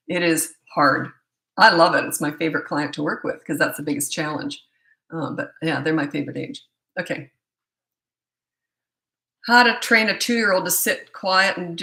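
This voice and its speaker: A woman's voice: fairly low pitch, animated, creaky, bright, forceful tone, roomy sound, rough recording. Blunt, outspoken parenting coach woman. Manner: blunt and opinionated, quick asides. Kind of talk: live Q&A, answering viewer questions.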